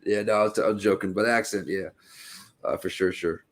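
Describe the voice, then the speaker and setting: A man's voice: low voice, fairly even intonation, brisk. A man in his late thirties with a Boston accent, talking in casual podcast chat, rambling with restarts and frequent swearing. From Boston area.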